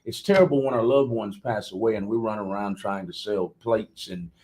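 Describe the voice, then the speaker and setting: A man's voice: fairly low pitch, moderate pace, darkish tone, poor audio. A man hosting a local radio show, talking in a folksy way and often repeating himself. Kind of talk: casual radio talk.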